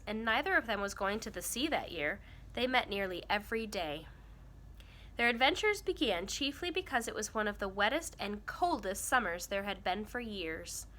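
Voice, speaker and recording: Woman reader for a children's novel; bright, expressive storytelling. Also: mid-range voice. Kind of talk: reading a children's novel aloud.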